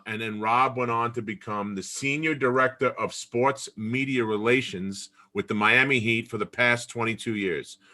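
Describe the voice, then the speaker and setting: A man in his fifties hosting a sports podcast over a video call, chatty, asking questions with halting restarts. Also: medium pitch, pushed and bright. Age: 50s. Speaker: podcast host. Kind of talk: casual interview hosting.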